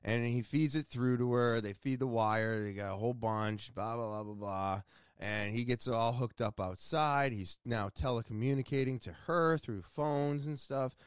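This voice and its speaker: A man's voice: medium pitch, moderate pace, clear, resonant tone, dry recording, clean studio sound. A man telling a casual, profane story about a home repair visit, blunt and exasperated. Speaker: homeowner telling an anecdote.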